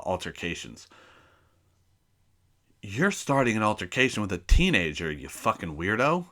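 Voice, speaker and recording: Low, bright-voiced man telling a profane story. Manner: profane, animated anecdote telling with acted-out dialogue. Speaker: podcast host. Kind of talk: casual solo podcast storytelling.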